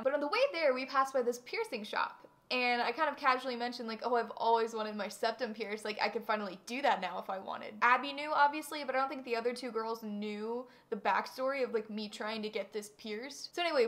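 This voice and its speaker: A young woman with a high voice tells a storytime vlog. She is animated and dramatic, piling on fillers as she goes. Her delivery is casual and chatty. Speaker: vlogger.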